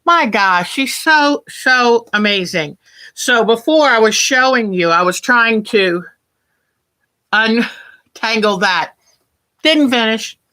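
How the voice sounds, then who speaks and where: A woman's voice: on the high side, expressive, slow, sharp tone. A woman hosting a quilting livestream, chatting casually and thinking aloud, often stopping herself mid-sentence to start over. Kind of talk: casual livestream chat and demonstration.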